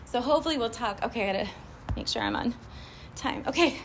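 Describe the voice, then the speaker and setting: Lively woman giving a motivational talk. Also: on the high side, fast talker, a little hiss or hum. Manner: animated and chatty, often breaks into laughter, asks the audience questions. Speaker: motivational speaker addressing a group.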